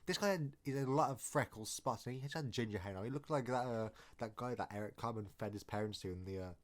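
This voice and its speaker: A man's voice: medium pitch, fast talker. A man telling a story in a casual, rambling, jokey way, often restarting his sentences. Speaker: storytime vlogger.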